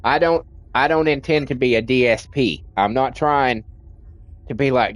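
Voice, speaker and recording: A man's voice: medium pitch, normal speed, no room sound. A man streaming a game, venting in a rambling rant full of restarts and swearing, and in nicotine withdrawal. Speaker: livestream gamer.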